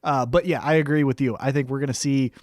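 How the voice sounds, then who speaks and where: A man's voice: medium pitch, steady tone, fast talker, darkish tone, no echo, clean studio sound. A man co-hosting a podcast in casual chat, rambling and thinking aloud with fillers. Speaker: podcast co-host.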